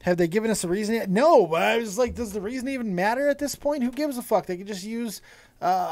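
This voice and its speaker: A man hosting a casual wrestling review show, talking in an animated, profane way with laughing asides and frequent swearing. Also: sits high, brisk, no echo.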